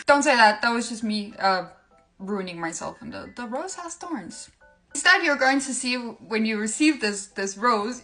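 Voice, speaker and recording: A woman with a higher-pitched voice talks through a comedic language tutorial. She is playful and giggly, often dissolving into laughter. Faint music plays behind her. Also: animated, normal speed, pushed and bright. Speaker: language-tips creator.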